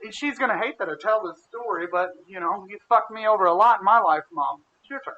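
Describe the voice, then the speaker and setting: A man's voice: sits high, quick pace, lo-fi sound, slight background noise. A man from Ohio co-hosting a casual podcast, telling crude family stories and acting out the other people in them. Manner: crude, animated storyteller who acts out quotes. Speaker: podcast co-host. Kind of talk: casual storytelling chat.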